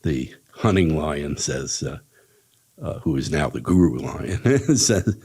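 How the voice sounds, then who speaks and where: A man giving a casual spiritual teaching talk at an ashram, telling a story with frequent chuckles and a rambling, relaxed manner. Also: rumbling low, slow pace, breathy edge. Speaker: meditation teacher.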